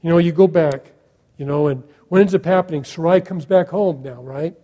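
A man's voice: fairly high pitch, moderate pace, warm tone. A man preaching a sermon in a conversational way, asking his listeners questions and making sarcastic asides. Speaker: pastor.

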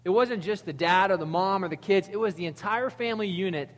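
Male pastor, casual and animated sermon delivery, slightly high voice, echoing sanctuary. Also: a little fast. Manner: conversational, animated preaching with acted-out quotes.

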